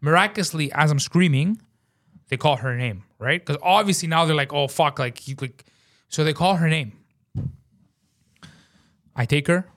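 A man telling a story in casual chat, animated, swearing a lot and saying "bro", acting out his own shouting. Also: a little high, normal speed, pauses often. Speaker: podcast host.

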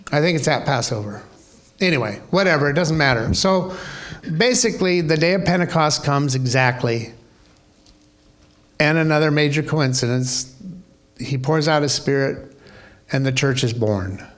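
A man's voice: fairly high pitch, normal speed, long pauses, fairly bright tone. A man preaching a sermon as pastor, conversational and wry, full of rhetorical questions.

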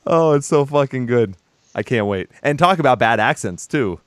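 A man's voice: mid-range voice, animated, normal speed, no echo, clean studio sound. Blunt, sarcastic young man podcasting. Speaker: podcast co-host. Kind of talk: casual movie podcast chat.

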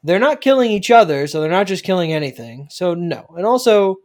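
A woman's voice: lowish voice, big pitch swings, brisk, a little mellow. A woman co-hosting a casual podcast, ranting animatedly about a film and laughing often. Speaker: podcast co-host. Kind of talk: casual chat.

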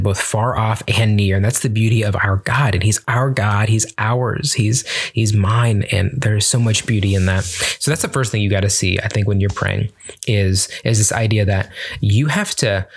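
Man, husky voice, fairly low, earnest casual Bible teaching, lots of restarts. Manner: earnest, conversational, many fillers and restarts. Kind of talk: casual teaching talk on prayer.

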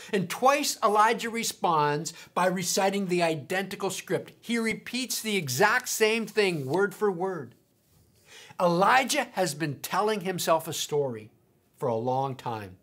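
Woman preaching with lively pitch. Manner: emphatic, repeats key points slowly. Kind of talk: sermon.

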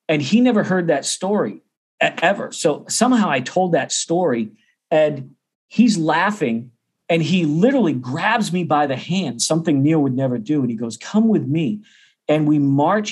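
A middle-aged man, a percussion teacher, telling a story casually and acting out the other people's voices. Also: on the high side. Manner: animated, acts out others' voices.

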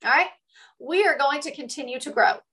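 A woman's voice: high voice, brisk, sharp tone, low-quality recording. A woman giving a motivational business coaching talk, emphatic and driving, checking in with "right?" again and again. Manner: emphatic, peppered with "right?" tags.

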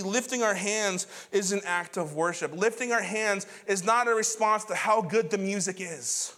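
A man's voice: high-pitched, fairly bright tone. A man preaching a sermon as pastor, earnest and building to fervent emphasis.

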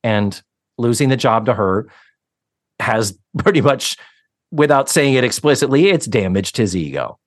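Lively, animated man recapping a show. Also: mid-range voice, unhurried, dry recording, clean studio sound. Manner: animated storyteller, swears casually, acts out quotes. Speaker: podcast co-host. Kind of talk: casual recap of a TV episode.

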